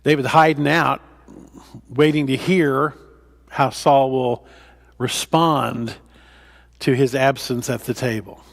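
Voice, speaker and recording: A man's voice: medium pitch, fairly even intonation, slow pace, creaky, pauses often. A man, a pastor, leading a Bible study in a conversational way, with fillers and restarts, acting out the scripture dialogue. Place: church.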